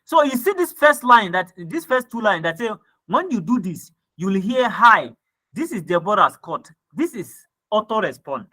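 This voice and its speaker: High and sing-song, this sharp-toned man's voice moves at normal speed, carrying a Nigerian accent. He reviews ad copy in a screen-share lesson, reading it out before dissecting it and frequently asking "right?" or "okay?".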